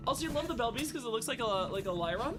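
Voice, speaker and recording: A young woman streaming a game live, chatting with viewers and exclaiming and shouting as she plays. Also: a little high, lively intonation, rapid-fire, over music. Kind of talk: live gameplay commentary.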